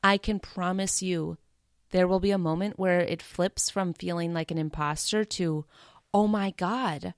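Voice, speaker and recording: A woman with a fairly low voice hosts a solo podcast and talks in a casual, confessional way. She builds momentum as she rattles off strings of promises. The sound is dry and close, with no room around it. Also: dry recording. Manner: animated and confessional, speeding up into rapid repeated promises. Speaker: podcast host.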